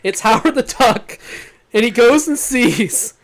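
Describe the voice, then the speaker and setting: Animated male podcast co-host. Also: measured pace. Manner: animated, laughs often while pitching ideas. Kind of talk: casual chat.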